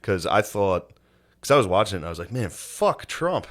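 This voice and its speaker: A man's voice: low-pitched, fast talker, a bit bright. A man hosting a podcast in casual chat, laid-back, laughing often and swearing freely. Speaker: podcast host.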